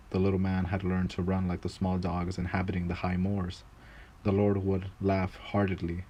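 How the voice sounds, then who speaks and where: A man narrating a folk tale in a measured, grave reading voice, with a few small restarts. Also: low-pitched, dark tone, poor audio. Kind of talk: storybook narration.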